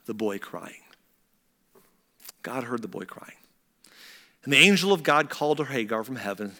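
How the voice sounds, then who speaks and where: A man delivering a sermon with a bright, forceful tone, telling the story with dramatic shifts from raised intensity to near-whispered hush. His voice carries a long reverb, as if spoken in a large hall. He lingers on the emotional beats. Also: mid-range voice, animated, normal speed, pauses often. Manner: storytelling with dramatic swings between loud and hushed. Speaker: preacher.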